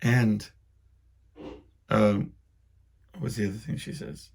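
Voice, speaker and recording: A man's voice: on the low side, fairly even intonation, slow, creaky, a little mellow, breathy edge. A man hosting a solo podcast, rambling casually through wry, self-deprecating complaints. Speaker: podcast host.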